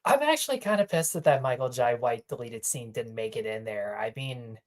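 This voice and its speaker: A man hosting a casual film review chat, telling animated stories and swearing freely. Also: mid-range voice, brisk. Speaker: podcast host.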